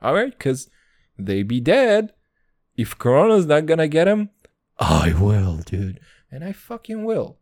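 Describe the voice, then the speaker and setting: A man's voice: fairly high pitch, wildly swooping pitch, unhurried, a little mellow, no room sound, clean studio sound. A young man hosting a podcast, talking in a brash, profane, self-mocking comedic monologue. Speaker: podcast host.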